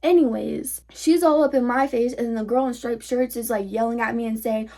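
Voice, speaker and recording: A woman's voice: a little high, normal speed, few pauses, a little mellow. A sixteen-year-old girl heatedly retelling a fight, full of swearing and "like". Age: teens. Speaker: vlogger. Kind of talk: storytime vlog.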